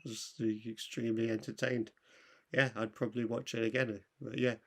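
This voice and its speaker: A man's voice: mid-range voice, level tone, moderate pace. Laid-back man chatting about films. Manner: loose, laughing, filler-heavy. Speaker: podcast co-host. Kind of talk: casual film review chat.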